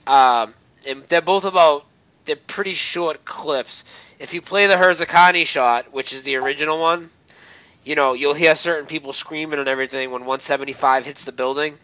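A man with a bright, clear, somewhat high voice chatting casually on a call-in radio show. He laughs easily and fills his talk with hesitations. The sound is dry and a little dull. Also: steady tone, normal speed, no room sound. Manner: laughs while talking, many fillers and restarts.

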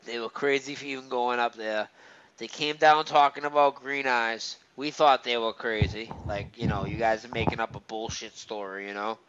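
A man's voice: mid-range voice, fairly even intonation, moderate pace, fairly bright tone, a little hiss or hum. A man telling a personal ghost story in casual chat, rambling, with lots of fillers and restarts. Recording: slightly dull, muffled recording.

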